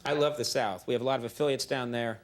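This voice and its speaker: A man hosting a late night talk show, joking with his guest in a deadpan, wisecracking way. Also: mid-range voice, fast. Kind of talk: joking banter. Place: television studio.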